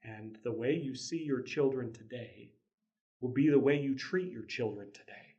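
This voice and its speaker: A man's voice: medium pitch, moderate pace, mellow, muffled recording. A man hosting a casual motivational talk on parenting, telling a family story in an earnest way with chuckles and frequent restarts. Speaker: podcast host, father.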